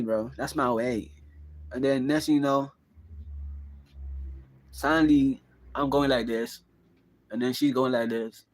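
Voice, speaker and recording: A young man thinking out loud to the camera, rambling and circling back on himself with plenty of casual slang. His voice sits in an ordinary middle range and is recorded dry and close, without any room echo. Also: medium pitch, steady tone, a little slow, pauses often. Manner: rambling, musing, full of "like" and "bro". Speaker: vlogger. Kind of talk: casual confessional monologue.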